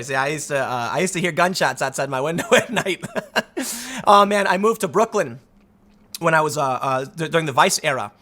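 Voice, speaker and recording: A man in his thirties giving casual, sarcastic commentary and telling stories in an animated, mocking way. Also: a little high, fairly quick.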